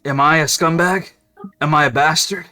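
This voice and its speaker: A woman's voice: low-pitched, unhurried, fairly bright tone, no room sound. A woman voicing a brash, lovesick male pirate who swears a lot and speaks with earnest devotion.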